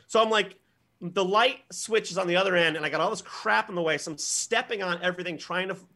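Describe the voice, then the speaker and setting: High, bright-voiced man telling stories. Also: fast talker. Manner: animated, swears, acts out voices. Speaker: guest. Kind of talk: comedic storytelling.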